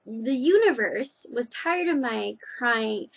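A woman's voice: a little high, animated, slow pace, vocal fry, noisy background. A young woman vlogging in a rambling, chatty way, full of restarts and asides. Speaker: knitting and nails vlogger. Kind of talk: casual chat.

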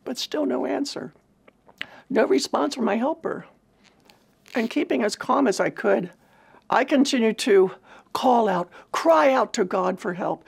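Gravelly, husky woman telling her story. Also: a little high, a little slow, long pauses. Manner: earnest, reflective storytelling. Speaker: speaker at a women's ministry event. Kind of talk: personal testimony talk.

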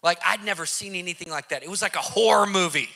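A man with a high, fast, gravelly voice preaches through an animated personal testimony, excitedly acting out the voices of the people in it. He uses casual slang, speaks directly to listeners, and repeats lines for emphasis.

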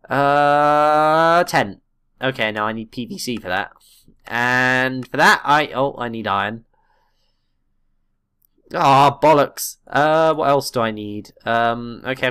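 A man giving gameplay commentary, excitable, swearing and exclaiming often. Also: mid-range voice, clear, resonant tone. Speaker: let's play gamer.

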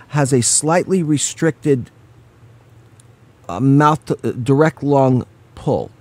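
A man's voice: medium pitch, a little mellow, husky. A man giving a casual hands-on product review, explaining each step in a chatty way and stopping now and then to apologize for slips.

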